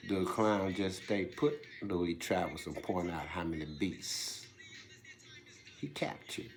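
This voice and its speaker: A man with a very low voice speaks slowly, delivering a preachy monologue built from rhetorical questions. He swings from loud bursts down to hushed whispers. Faint music plays behind him.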